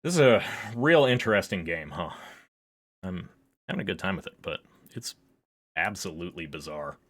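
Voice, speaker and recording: Low-voiced man chatting through a game stream. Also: expressive, moderate pace. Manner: rambling and chatty, reads game text aloud. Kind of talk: casual livestream commentary while playing a visual novel.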